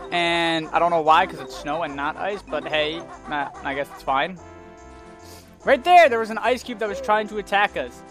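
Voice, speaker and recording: A man's voice: high voice, sharp tone. A young man giving rambling gameplay commentary, easily exasperated and ranting at the game. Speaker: let's play commentator.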